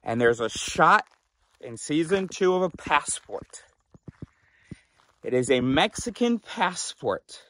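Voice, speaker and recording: A man's voice: a little high, very animated, slow pace, pauses often, sharp tone, a little hiss or hum. Exasperated man ranting in mock outrage. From Chicago area, United States. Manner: stammering restarts for comic effect. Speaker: comedian. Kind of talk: stand-up comedy monologue.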